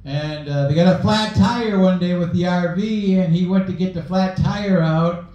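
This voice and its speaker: A man's voice: sits high, moderate pace, warm tone, very echoey, lo-fi sound. A male pastor preaching a sermon, mixing scripture reading with folksy personal stories.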